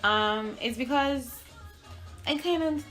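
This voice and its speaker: A woman's voice: high-pitched, slow, soft background music. Chatty young woman, Barbadian-American accent. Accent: Barbadian mixed with American. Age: young adult. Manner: chatty, relaxed, with fillers. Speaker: beauty vlogger. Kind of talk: casual makeup tutorial.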